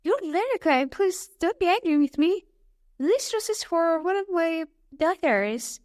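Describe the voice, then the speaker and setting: A woman's voice: extremely high pitch, very animated, measured pace, darkish tone, no room sound, clean studio sound, voice pushed up, full character voice. A woman voicing a frightened, pleading old father in a storybook.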